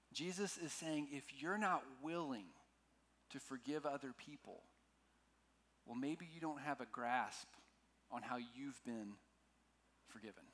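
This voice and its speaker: A male pastor preaching a sermon, slowing down and swinging between loud and soft to stress his points. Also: fairly high pitch. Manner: dramatic shifts in loudness, slows for emphasis; asks the congregation to repeat lines.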